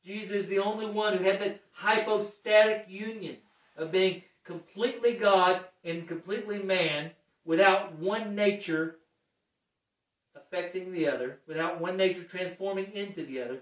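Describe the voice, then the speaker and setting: A man preaching a sermon emphatically, swinging from hushed lines to raised ones. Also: high voice, moderate pace. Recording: echoey room, mic at a distance.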